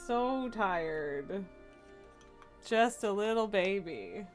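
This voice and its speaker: A woman live-streaming a game, cooing baby talk to her cat and chatting warmly with viewers. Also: medium pitch, lively intonation, drawn-out words. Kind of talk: casual live-stream chat. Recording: faint music behind.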